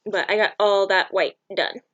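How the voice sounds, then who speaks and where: A woman co-hosting a casual show-and-tell chat, playful and excitable, joking as she goes. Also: medium pitch, moderate pace, muffled recording. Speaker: co-host.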